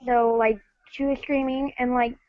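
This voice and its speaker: A woman calling in to tell a story, halting and hesitant with many fillers. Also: fairly high pitch, flat delivery, no echo. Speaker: caller. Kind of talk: casual phone-in storytelling. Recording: muffled lo-fi audio.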